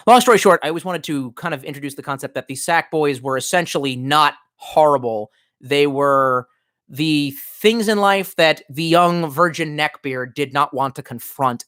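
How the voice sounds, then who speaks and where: A man's voice: fairly high pitch, a bit bright. A man casually chatting on a livestream, reading viewers' comments aloud, rambling and swearing freely while sipping vodka. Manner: profane, rambling, tipsy with vodka. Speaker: streamer reading live chat.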